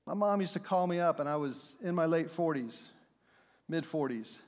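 A man's voice: on the high side, animated, normal speed, a little mellow. A middle-aged man preaching a sermon as pastor, talking conversationally, slipping into playful acted voices and laughing along with his points. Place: church sanctuary. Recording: long hall reverb.

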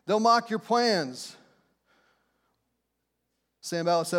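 A man's voice: high-pitched, expressive, moderate pace, in a large hall. A middle-aged man preaching a sermon as a pastor, telling stories in a folksy, plain way. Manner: folksy storytelling, plain speech.

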